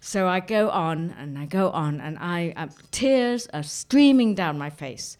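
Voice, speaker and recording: A woman's voice: on the low side, lively intonation, a little slow, a little mellow. Woman, personal anecdote, dramatic retelling, repeats words for effect. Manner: vivid, dramatic, repeats herself. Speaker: storyteller.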